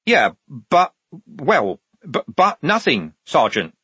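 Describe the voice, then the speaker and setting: A man's voice: mid-range voice, huge pitch swings, normal speed, pushed and bright, husky, dry recording, voice pushed up, heavily acted. A man doing a dim, stammering young guard. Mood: flustered. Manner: stammering, cowed.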